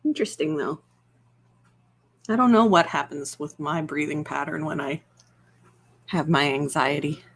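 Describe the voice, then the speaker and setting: A woman's voice: low-pitched, measured pace, long pauses, breathy edge. A woman hosting an ASMR live stream, chatting casually and rambling, laughing often into a close microphone.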